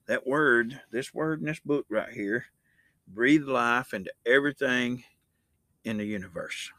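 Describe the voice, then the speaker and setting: A man's voice: medium pitch, unhurried, bright, forceful tone, no room sound, clean studio sound. A man hosting a Christian podcast, talking in a loose, rambling way and reading scripture aloud with rising emphasis. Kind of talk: casual spoken sermon.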